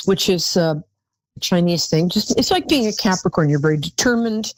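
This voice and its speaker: A woman's voice: fairly low pitch, animated, fairly quick, no room sound, rough recording. A woman hosting a live call-in psychic show, chatty and rambling, calling her callers darling.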